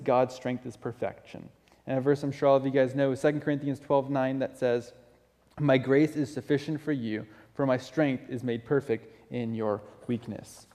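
Warm and mid-pitched, a preacher's voice fills a large hall that trails off in lengthy reverberation. He talks through his sermon sincerely, in a chatty way, and keeps beginning phrases again.

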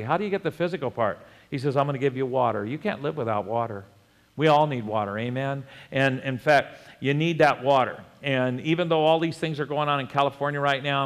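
A man preaching a sermon in a conversational way, with joking asides and chuckles and slow, deliberate scripture reading. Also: a little high, a bit bright, in a large hall. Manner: reads scripture slowly and deliberately. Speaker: pastor.

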